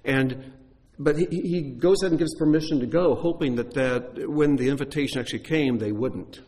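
A man's voice: mid-range voice, moderate pace, a little mellow. A man teaching on Bible texts, explaining in a conversational way with occasional fillers.

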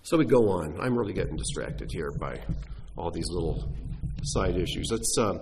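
A deep-voiced man preaches a sermon at a moderate pace over a noisy background. He teaches from scripture with animated delivery, his voice rising and falling for emphasis as he fires off rhetorical questions.

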